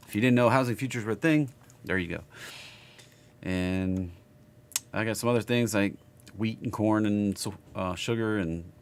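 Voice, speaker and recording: A man with a Southern US accent giving casual live market chart commentary, rambling and thinking aloud as he works. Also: on the low side. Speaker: market analysis streamer.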